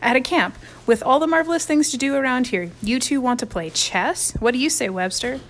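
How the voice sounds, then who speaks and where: A woman voicing a young male camp counselor who is bossy and easily flustered, often loud and exasperated. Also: high voice, fairly quick, pitched above the performer's own voice, natural voice.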